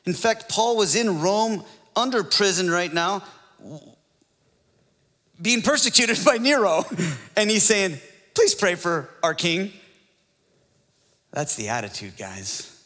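Man, pastor, casual joking sermon, a bit higher than average, reverberant room. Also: very animated, a little slow, pauses often, sharp tone. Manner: joking, conversational preaching with frequent laughs.

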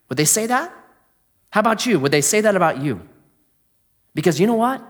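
A male pastor delivers an animated sermon in a fairly high voice that rises and falls widely. He quizzes the congregation and sinks into a quiet hush when he drives a point home. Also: brisk. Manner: animated storyteller, asks the audience questions, drops to a hush for emphasis.

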